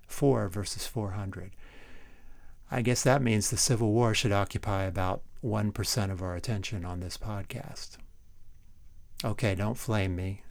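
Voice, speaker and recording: A man's voice: lowish voice, vocal fry, dry recording. A man hosting a podcast, giving a scripted history narration in a wry tone full of rhetorical questions. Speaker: podcast host.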